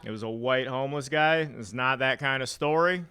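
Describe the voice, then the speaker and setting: A man doing a stand-up set at an open mic in a small comedy club, telling dark jokes deadpan with halting fillers. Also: medium pitch, clear, resonant tone.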